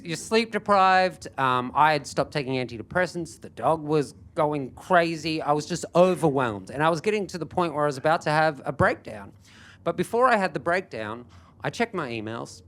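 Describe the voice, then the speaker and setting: Male stand-up, bright and forceful tone, self-mocking, animated delivery, live stage. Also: on the high side, a little hiss or hum. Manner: animated, self-mocking, building to frantic yelps. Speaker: stand-up comedian. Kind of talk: stand-up storytelling.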